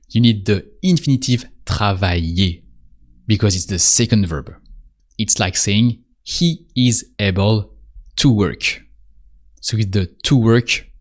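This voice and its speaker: A man teaching as a language teacher, leading a slow drill and repeating example phrases with care. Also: lowish voice. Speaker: French teacher. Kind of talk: paced language drill lesson.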